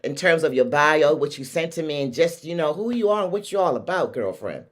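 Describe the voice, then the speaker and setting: A woman's voice: low voice, lively intonation, a little fast. A woman from Baltimore with a Baltimore accent, hosting a livestream talk show and hyping up her audience in an effusive way. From Baltimore, USA. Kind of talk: hyped livestream show intro.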